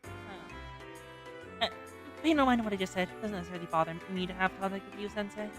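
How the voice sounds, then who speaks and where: A woman voicing a reclusive, prickly young librarian girl who speaks in a low, hushed mutter. Faint music plays underneath. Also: a little fast, natural voice. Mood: grumbling. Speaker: library committee president.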